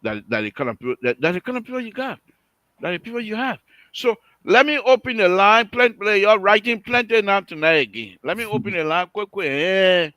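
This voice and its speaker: A man hosting a call-in radio show, teasing and animated, laughing often. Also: high-pitched, no echo. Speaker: radio talk show host. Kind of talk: casual call-in radio banter. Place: radio studio.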